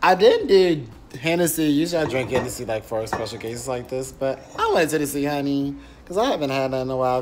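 A man's voice: medium pitch, slight background noise. A young man vlogging on his phone in a rented apartment, chatty and rambling, with lots of fillers like "period". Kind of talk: casual vlog talk to camera. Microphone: phone camera.

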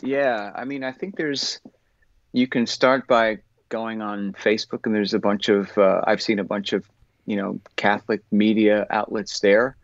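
A man, an actor guest in an interview, answering in a thoughtful, earnest way and often pausing to search for words. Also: lowish voice, fairly even intonation, dry recording. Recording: dull lo-fi sound.

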